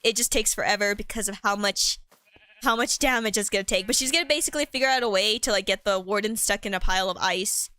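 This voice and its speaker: A woman's voice: medium pitch, fast, bright, forceful tone, dry recording. A woman streamer chatting casually while playing a game, rambling and giggly, with lots of fillers.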